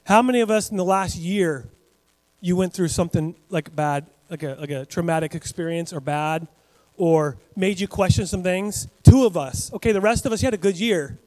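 A man preaching a sermon as pastor, talking in a conversational, animated way with asides to the congregation. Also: high voice, normal speed, big-room sound, poor audio.

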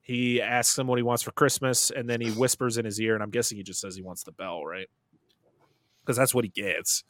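A man's voice: medium pitch, fairly even intonation, fairly quick, a bit bright, no echo, clean studio sound. A young adult man hosting a podcast, retelling a film in a casual, jokey way, swearing often and laughing. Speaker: podcast host. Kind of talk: casual movie recap chat.

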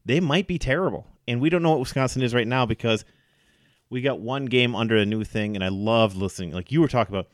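A man hosting a casual sports chat, analytical and quick to laugh, running through game numbers. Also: medium pitch, no room sound, studio quality. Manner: chatty, analytical, laughs easily, quotes stats. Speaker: sports podcast host.

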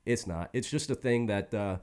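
A man's voice: fairly low pitch, normal speed, clean tone. A man telling a long story in casual chat, swearing freely and laughing often. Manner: profane, animated, laughs often.

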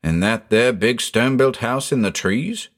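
A man voicing an excitable rustic farmer who talks in folksy backcountry speech with an excited quaver. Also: mid-range voice, moderate pace, natural voice. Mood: astonished.

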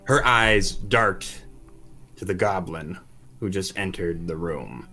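Slow-talking man running a tabletop game. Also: sits low, soft background music. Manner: relaxed, halting, with restarts. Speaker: game master.

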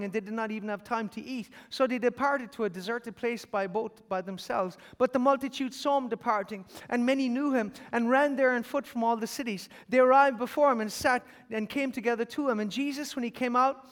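High-voiced preacher in an echoing hall. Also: male voice. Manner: builds to fervent shouting, calls out amen and hallelujah. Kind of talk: sermon.

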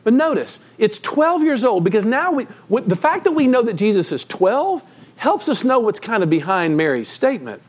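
A man preaching a sermon as pastor, telling the story with emphatic, animated delivery. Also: normal speed. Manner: animated, emphatic storytelling with sudden pitch jumps.

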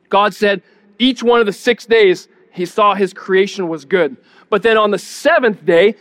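A man's voice: high-pitched, a bit bright. A man preaching a sermon as pastor, teaching in a plain spoken way, often repeating words as he searches for the next one and putting questions to the congregation.

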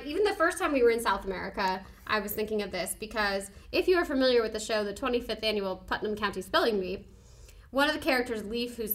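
A woman co-hosting a casual podcast chat, gushing and excitable, often giggling. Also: fairly high pitch. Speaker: podcast co-host.

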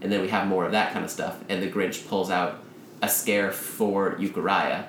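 A man in casual chat who rambles through a story pitch and acts out the characters' lines in quick asides. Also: steady tone, a bit bright, reverberant, a little hiss or hum.

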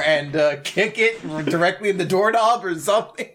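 A man's voice: sits high, animated, moderate pace, few pauses, fairly bright tone. A man co-hosting a podcast in casual chat, telling a story animatedly and acting out other people and sound effects. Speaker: podcast co-host.

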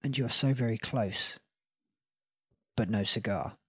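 A woman hosting a casual podcast game, playful and quick to laugh. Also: extremely low pitch, slightly rough, no echo, studio quality. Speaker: podcast host.

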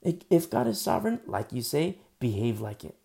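Gravelly, emphatic male preacher. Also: medium pitch, big pitch swings, fairly quick. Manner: emphatic and conversational, swinging from loud to hushed. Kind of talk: sermon.

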